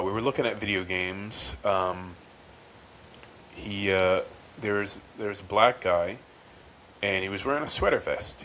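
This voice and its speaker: A man's voice: lowish voice, fairly bright tone, rough recording. A man hosting a podcast, telling a rambling, casual story with many ums and restarts. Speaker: podcast host. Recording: faint background noise.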